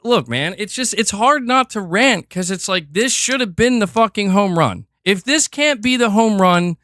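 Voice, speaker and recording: A man's voice: high voice, lively intonation, normal speed, bright, forceful tone, no room sound, studio quality. A man hosting a stream, ranting in a heated, profane and exasperated way. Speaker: streamer host.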